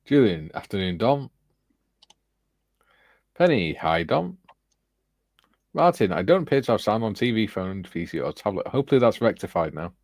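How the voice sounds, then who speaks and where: A man's voice: lowish voice, sing-song, moderate pace, pauses often, a little mellow, no room sound. A man hosting a casual livestream, reading viewers' chat messages aloud and chatting with his panel. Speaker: livestream host.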